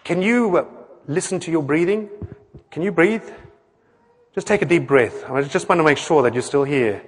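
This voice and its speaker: A man's voice: fairly high pitch, normal speed, slight background noise. Earnest man preaching in a reverberant hall. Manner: earnest, conversational, with acted-out quotes and questions to the crowd. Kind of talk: sermon.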